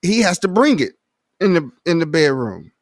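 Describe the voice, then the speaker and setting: A man's voice: a little high, sing-song, moderate pace, no echo, studio quality. A man hosting a podcast, joking and teasing in casual chat.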